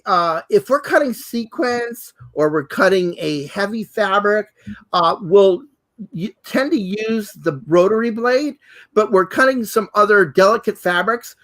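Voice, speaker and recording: High, lively man gushing over sewing tools. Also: a little slow. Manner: exuberant, exclaims and repeats "fabulous" and "hello". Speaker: costume designer and co-host. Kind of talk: enthusiastic product demo chat.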